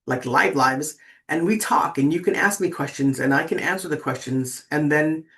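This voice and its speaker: A sixty-something tarot host chatting casually to viewers at a middling pitch. The talk rambles, with lots of fillers and restarts. The host keeps checking in with a quick "right?". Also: a bit bright. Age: 60s.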